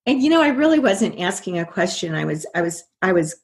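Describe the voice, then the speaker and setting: A woman's voice: lowish voice, sing-song, fairly quick. An older woman, a guest in an interview, telling her story earnestly and quoting her own past thoughts.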